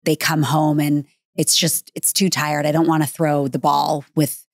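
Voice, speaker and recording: Low-voiced woman affirming on a podcast. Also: little pitch movement, unhurried, no room sound, studio quality. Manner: warm, affirming, reflective. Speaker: podcast host and mother. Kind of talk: conversational podcast talk.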